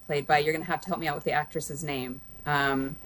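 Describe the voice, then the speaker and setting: Chatty woman with a low voice. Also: level tone, a little fast. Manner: rambling, many restarts and fillers, warm laughs. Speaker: guest, host's mother. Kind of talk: casual film review chat.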